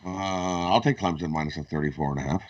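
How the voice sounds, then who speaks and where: A deep-voiced man with a husky edge talks fast on a sports betting panel. He gives quick, blunt picks. The sound is dry and dull, like lo-fi audio. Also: dry recording. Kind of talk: casual chat.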